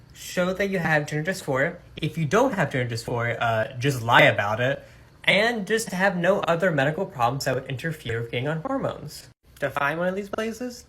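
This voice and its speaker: A woman with a husky voice giving matter-of-fact advice in an instructional video. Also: sits low, fairly bright tone.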